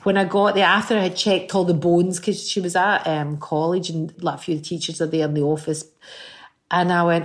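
A middle-aged woman with a Scottish accent, chatting as a guest and telling lively stories, acting out what people said. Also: fairly low pitch, brisk. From Scotland. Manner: lively storyteller who acts out quotes. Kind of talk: casual chat.

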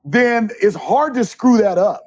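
Middle-aged basketball coach guy telling stories in an interview, acts out what people said, kinda high voice. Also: measured pace, slightly rough. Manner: animated storyteller, acts out quotes. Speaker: junior college basketball coach. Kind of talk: interview storytelling.

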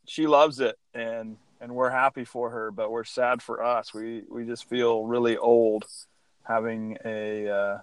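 A man's voice: mid-range voice, little pitch movement, unhurried, smooth, dry recording, poor audio. A man in his thirties talks casually on a podcast and laughs at his own expense. His voice sits in a middle register. The recording is dry and close. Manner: self-deprecating, laughing easily. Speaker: podcast co-host. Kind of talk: casual chat.

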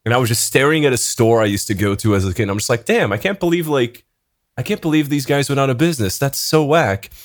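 A man's voice: medium pitch, fast talker, dry recording, studio quality. A man co-hosting a podcast, telling a swearing-laden anecdote in casual chat. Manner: animated, swearing anecdote teller. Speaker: podcast co-host.

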